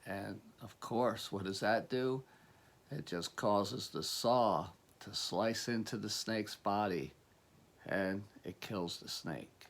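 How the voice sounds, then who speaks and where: A man's voice: lowish voice, creaky. A man giving a motivational talk as a life coach, earnest and rambling, with many restarts.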